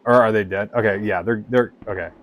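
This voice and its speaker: A man's voice: on the low side, fairly even intonation, brisk, lo-fi sound, slight background noise. A man giving casual, rambling gameplay commentary, swearing often and filling with "like". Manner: rambling, heavy swearing, lots of "like". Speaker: let's play streamer.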